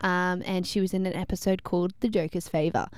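A woman's voice: on the low side, steady tone, a little fast, clean tone, no echo, clean studio sound. A woman co-hosting a casual pop-culture chat, enthusiastic and talkative, with lots of fillers. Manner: enthusiastic, chatty, many fillers. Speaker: podcast co-host.

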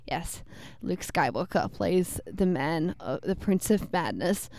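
A woman's voice: lowish voice, expressive, slow pace, darkish tone, slight background noise. A woman co-hosting a casual pop-culture chat, enthusiastic and talkative, with lots of fillers. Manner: enthusiastic, chatty, many fillers. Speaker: podcast co-host.

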